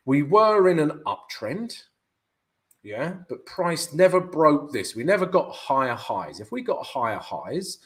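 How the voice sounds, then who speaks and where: Chatty London man hosting a trading stream. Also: mid-range voice. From United Kingdom. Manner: chatty, keeps calling viewers "guys". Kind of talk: live market analysis and viewer Q&A.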